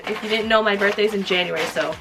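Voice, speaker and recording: A woman's voice: mid-range voice, fast, gravelly, very noisy. Chatty heartfelt woman in her twenties. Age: 20s. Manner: chatty and heartfelt, filler-heavy. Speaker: lifestyle vlogger. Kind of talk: casual chat while wrapping gifts.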